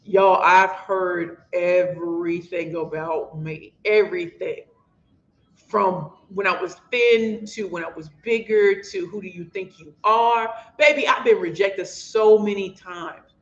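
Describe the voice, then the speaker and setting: She's an author and host from St. Louis, USA, with the local accent, delivering a fervent, preachy motivational livestream to viewers she calls y'all. Her voice is fairly low and she takes it slowly, in an echoey, dull lo-fi room.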